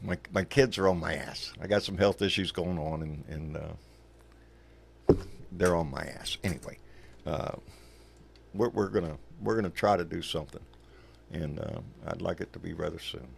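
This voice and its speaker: Gravelly-voiced older man hosting, folksy. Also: low-pitched, moderate pace, long pauses, slight background noise. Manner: rambling, folksy, swears casually. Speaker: show host. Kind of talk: casual livestream chat.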